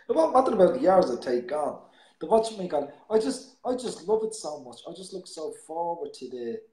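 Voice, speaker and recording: A man's voice: fairly high pitch, sing-song, normal speed, warm tone. A man hosts a live poetry show, talking casually and at length. He rambles, stumbling over and repeating his words as he goes. The sound is roomy, with a noticeable echo. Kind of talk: casual live-stream chat.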